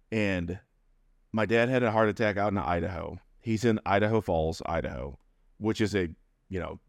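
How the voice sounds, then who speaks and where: A man's voice: on the low side, no echo, studio quality. A middle-aged man telling a personal story in a conversational, humorous way, laughing between phrases. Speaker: interview guest.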